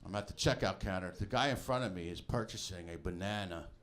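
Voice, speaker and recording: A man with a low voice talks briskly through a stand-up comedy set on a club stage, and the live club recording is very noisy with crowd laughter. He tells stories conversationally, throwing punchy asides to the audience.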